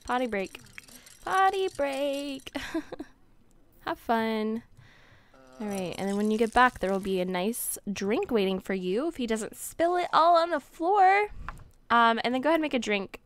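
A woman's voice: fairly high pitch, animated, moderate pace. A woman giving casual, joking gameplay commentary, sarcastic and giggly, with the odd swear. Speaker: let's play host.

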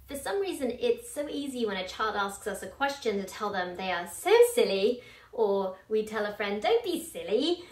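A young woman hosting an upbeat scripted vlog, playful and theatrical, with bursts of mock outrage. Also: medium pitch. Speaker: host. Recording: roomy indoor sound.

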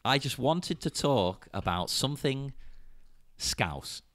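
A playful man co-hosting a podcast, chatting casually and laughing through his stories. His pitch swings in a lively way, and the recording is dry and close. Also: slow pace, no room sound. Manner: playful, laughs often while talking. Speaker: podcast co-host. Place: lives in Liverpool.

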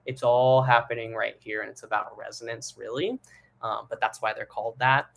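A man's voice: mid-range voice, moderate pace, creaky. A young man teaching a live online singing lesson, explaining at length with many fillers and now and then demonstrating with his voice. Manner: relaxed, rambling explanations with many fillers, breaks into sung and head-voice demos.

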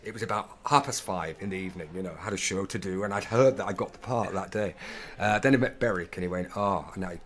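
A man's voice: low-pitched, fast, a little hiss or hum. A male actor telling stories in a casual interview, acting out the dialogue as he goes. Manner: animated storyteller acting out dialogue. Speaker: actor, podcast guest.

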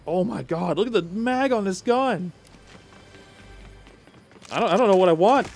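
Excitable man commentating gameplay. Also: high voice, moderate pace, creaky. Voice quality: excitable, exclamatory, swings between loud outbursts and mutters. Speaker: gaming YouTuber. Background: game music and gunfire.

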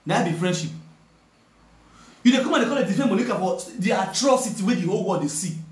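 Fast and animated, a high-pitched man with a Nigerian Pidgin English accent delivers a direct-to-camera rant, confronting and scolding someone over and over. He's an online video presenter; the room is echoey, with faint music behind him.

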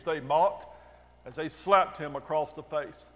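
A man with a high voice reads scripture to his congregation, giving the quoted speech a raised, emphatic delivery. His words ring out in a church hall with a long reverb tail. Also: normal speed, a bit bright. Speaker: pastor. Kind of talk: dramatic scripture reading. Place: church sanctuary.

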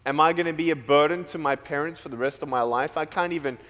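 There's a quick pace to this Australian man's slightly high voice as he delivers a motivational talk in a large school hall. Addressing the students, he jokes around and spins stories with a lively, playful touch.

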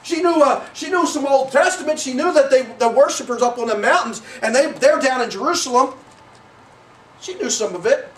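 With a very high voice and lively intonation, a middle-aged pastor preaches at normal speed in a church sanctuary, pausing often. He rambles and corrects himself with many fillers. A distant mic yields roomy church sound and a little hiss or hum.

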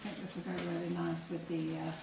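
A woman's voice: lowish voice, completely flat delivery, fast, creaky, distant mic, noisy background. A woman teaching cake decorating on a live stream, chatting to viewers as she works through each step. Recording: echoey room, away from the mic.

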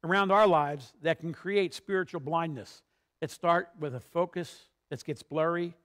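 A man's voice: fairly high pitch, unhurried, fairly bright tone. A male pastor preaching a sermon, retelling a story and building to emphatic peaks.

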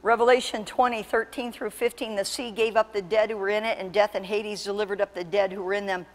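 A woman's voice: mid-range voice, steady tone, brisk. Impassioned woman pastor preaching in a hall. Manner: impassioned preaching, rising to loud emphatic peaks. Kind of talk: sermon. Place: church sanctuary.

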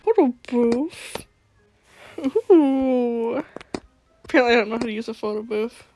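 A woman's voice: on the high side, unhurried, warm tone, soft background music. A woman hosting a gaming channel, chatting casually and giggling as she talks to the characters in her game. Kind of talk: casual gameplay commentary.

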